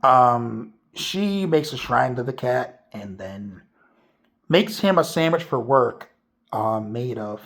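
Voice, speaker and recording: A man's voice: medium pitch, expressive, slow pace, a bit bright. A man giving a casual, spoilery movie review, rambling and swearing freely with lots of fillers.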